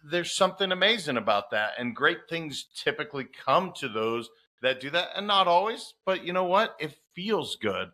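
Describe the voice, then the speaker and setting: A man's voice: fairly high pitch, sing-song, moderate pace, sharp tone. A man hosting a podcast who interviews his guest in a casual, enthusiastic way and calls him brother. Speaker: podcast host.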